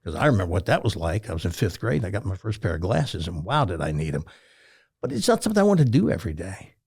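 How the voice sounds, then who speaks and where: A man in his seventies from Tennessee, a retired radio talk host, telling stories in an interview with animated delivery. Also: low voice, quick pace, gravelly, breathy edge. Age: 70s. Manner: animated storyteller, jumps into other voices. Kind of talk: storytelling interview.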